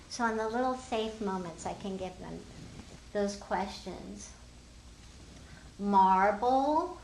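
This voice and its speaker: A woman's voice: a little high, slight background noise. An older woman teacher explaining a phonics lesson in an upbeat, teacherly way, talking to fellow teachers. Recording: roomy echo.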